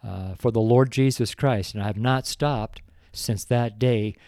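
Older man, pastor, emotional, rambling, folksy, dark voice, dry sound. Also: medium pitch, measured pace, dry recording. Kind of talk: sermon read from a weekly letter, with prayer.

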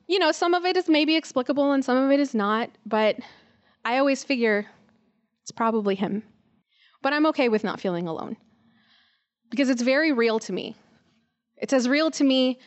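A woman's voice: fairly high pitch, muffled recording. Woman telling a personal story on stage. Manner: conversational, earnest, personal. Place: live storytelling event.

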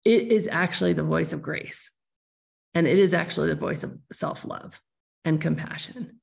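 A woman's voice: low-pitched, moderate pace, creaky. A woman hosting a podcast interview, talking in a thoughtful, searching way with frequent restarts. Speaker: podcast host. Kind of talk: reflective conversational interview.

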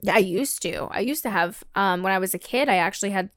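A woman's voice: mid-range voice, fast talker, fairly bright tone, no echo, clean studio sound. A young woman in casual chat, a supportive listener who turns earnest when explaining things.

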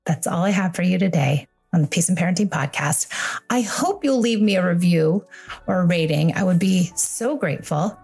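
A woman in her forties speaking alone on her podcast as a parenting coach. Her voice sits a little low and she talks in a candid, confessional way, reassuring her listeners as she goes. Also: lively intonation, moderate pace, vocal fry, darkish tone, husky, faint music behind. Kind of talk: solo podcast monologue.

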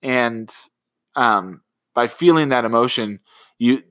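A man's voice: mid-range voice, slow pace, no room sound. A man co-hosting a parenting podcast, talking casually and loosely, with lots of fillers. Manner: relaxed, rambling with many fillers. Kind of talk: casual conversational chat.

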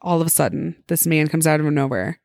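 Animated young woman telling stories. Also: low voice, a little fast, gravelly, dry recording, clean studio sound. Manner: animated, laughing, acts out quoted people. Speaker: podcast co-host. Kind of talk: casual storytelling chat.

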